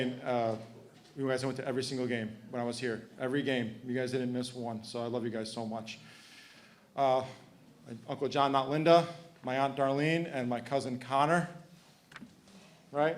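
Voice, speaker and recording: A man's voice: mid-range voice, fairly even intonation, normal speed, long pauses. Brief: thirties man at an awards podium, emotional but joking, faint background noise. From Connecticut. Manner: emotional, heartfelt, joking with audience. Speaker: hall of fame inductee. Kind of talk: acceptance speech.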